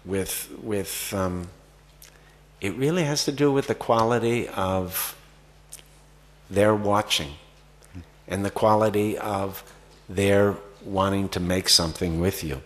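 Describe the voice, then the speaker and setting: Taking it slowly in a low voice, a man answers the audience's acting questions during a festival Q&A. He rambles, full of fillers and restarts.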